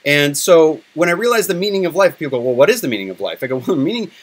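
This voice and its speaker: A man's voice: a little high, big pitch swings, racing. A middle-aged man hosting a podcast in casual chat, candid and emotional, swearing freely. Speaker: podcast host.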